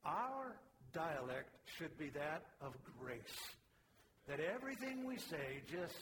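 A man's voice: a little high, sing-song, takes it slowly, long reverb tail, background noise. A man preaching a sermon in a folksy, conversational way, with small personal asides. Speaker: pastor.

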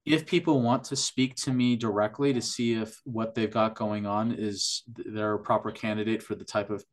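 A man's voice: lowish voice, fairly even intonation, normal speed. Enthusiastic man explaining health testing. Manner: enthusiastic, explanatory, with frequent restarts and "like". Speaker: functional medicine practitioner, podcast guest. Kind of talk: casual podcast interview.

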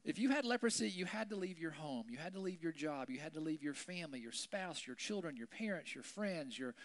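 A man giving a relaxed Bible lesson, chatting with listeners through rhetorical questions and now and then shouting out quotes with drama. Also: on the high side, fairly quick. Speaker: preacher. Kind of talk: Bible teaching, conversational sermon.

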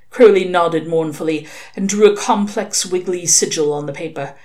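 A woman reading a novel aloud, narrating with lively expression. Her voice sits slightly low for a woman, steady and clear through the story. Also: moderate pace. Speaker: reader.

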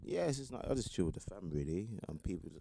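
A man co-hosting a podcast, quickly agreeing and making his points in a casual chat. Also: sits low, sing-song, gravelly, warm tone, a little hiss or hum. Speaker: podcast co-host.

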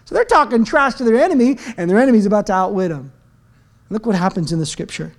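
A man preaching a sermon as pastor, swinging from loud shouts to quiet asides and dropping into slang. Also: high voice, animated, fast. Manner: talks in slang.

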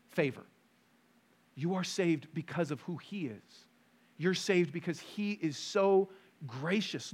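A man preaching from the pulpit in a fairly high voice. He drives his points home with rhetorical questions, dropping low and then rising loud and urgent. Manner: emphatic, swinging from quiet to loud with rhetorical questions. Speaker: pastor. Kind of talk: sermon.

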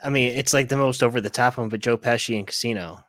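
A man's voice: mid-range voice, quick pace, a bit bright, no echo. A man from the Rust Belt of upstate New York, co-hosting a casual movie-review chat in a blunt, laid-back way with some swearing. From American Rust Belt, upstate New York. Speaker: podcast co-host.

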